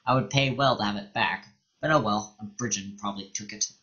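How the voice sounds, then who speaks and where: A man's voice: fairly low pitch, a little fast, pushed and bright, muffled recording. A man reading the game lines of a busy, chatty female cook in his own plain voice.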